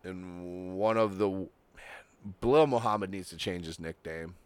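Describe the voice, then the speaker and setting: A man co-hosting a casual fight-sports podcast, joking and swearing freely in relaxed banter. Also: low voice, normal speed, smooth, no echo. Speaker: podcast co-host. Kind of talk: casual chat.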